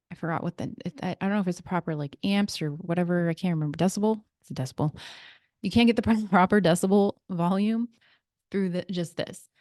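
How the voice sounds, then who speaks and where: A woman's voice: lowish voice, a little mellow, dry recording, clean studio sound. A woman hosting a casual solo podcast, explaining breathing in a chatty way with asides and small laughs, speaking into a computer mic. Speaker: podcast host and breathwork practitioner.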